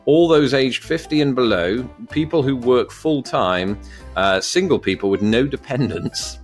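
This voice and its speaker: A man's voice: medium pitch, lively intonation, a little slow, faint music behind. A man reading quiz questions aloud and answering them, with wry jokes in between. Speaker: vlogger. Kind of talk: casual commentary while taking an online quiz.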